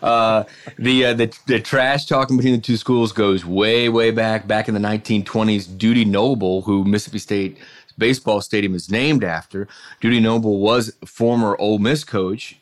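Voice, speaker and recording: A man, a sports reporter, telling college football anecdotes in a casual, animated way, with frequent restarts. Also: on the low side, moderate pace. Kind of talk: casual storytelling on a podcast.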